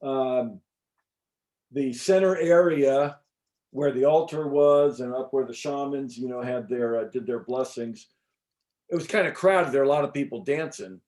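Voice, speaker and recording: Man, middle-aged, casual storyteller, animated, salty, fillers and restarts, mid pitch. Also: a little slow. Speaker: interview guest recounting an experience.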